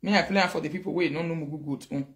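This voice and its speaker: A man's voice: a little high, racing. A Nigerian man hosting a show, talking animatedly in a casual mix of Pidgin and Yoruba, laughing often. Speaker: show host. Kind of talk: casual live-show commentary.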